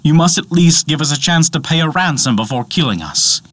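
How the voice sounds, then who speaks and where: A man voices Odin, a composed and airy god of myth who talks in level, reasoned tones. The delivery is slightly raised and lively, and the recording is dry and close. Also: on the high side, no room sound, pitched above the performer's own voice. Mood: calm. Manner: airy, measured pleading. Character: male god Odin, calm and smooth-talking leader.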